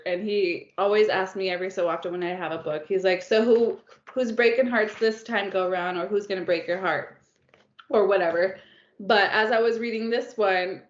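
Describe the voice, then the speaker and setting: Laughing woman in an echoey room. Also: mid-range voice. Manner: laughs often while telling stories. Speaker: podcast co-host. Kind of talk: casual book chat. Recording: roomy, dull lo-fi sound.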